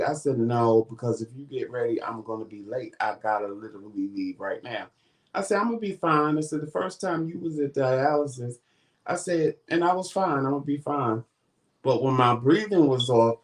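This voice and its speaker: A man hosting a vlog, casually retelling a story and acting out the quoted dialogue. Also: medium pitch. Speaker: vlog host.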